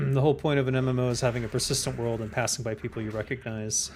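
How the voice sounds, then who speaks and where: A man's voice: medium pitch, quick pace, a little hiss or hum. Easygoing male game streamer. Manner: relaxed, chatty, reads chat aloud and answers it. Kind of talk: casual live-stream chat while gaming.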